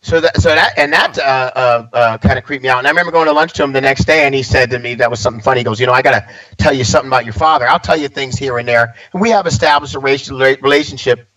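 A man's voice: medium pitch, racing, rough recording. Man in his fifties telling a story. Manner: animated storyteller acting out quoted dialogue. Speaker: stand-up comedian guest. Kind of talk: personal storytelling in casual conversation.

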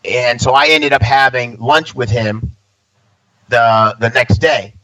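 Taking it slowly, a medium-pitched man in his fifties shares a personal story in a rough recording. He's a stand-up comedian, and in this casual conversation he brings other people's lines to life as an animated storyteller.

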